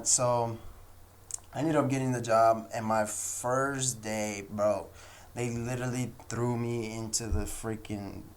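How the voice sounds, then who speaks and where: Young american guy rambling through stories on his podcast, mid-pitched, bit of faint hiss behind. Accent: American English. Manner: loose and rambling, acts out quoted people in raised voices. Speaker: podcast host. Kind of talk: casual solo podcast storytelling.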